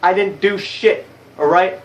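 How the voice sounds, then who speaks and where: A man's voice: sits high, fairly even intonation, measured pace, recorded from a distance, poor audio. A young man telling a story in a casual vlog, rambling and swearing a lot, heated and blunt. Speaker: vlogger. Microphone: phone camera.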